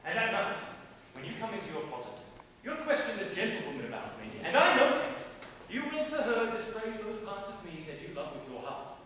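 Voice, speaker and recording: A man plays a young king in love, bluff and teasing, his bright, fairly high voice leaping up and down as he woos in verse. He is heard from well back across a large theater, the sound washed in long, echoing reverb. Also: very animated, a little fast, far from the mic, slight background noise, heavily acted. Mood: wooing. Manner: teasing, declamatory verse delivery. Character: young English king wooing a French princess, bluff and playful. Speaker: stage actor. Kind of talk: classical stage acting. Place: large indoor theater stage.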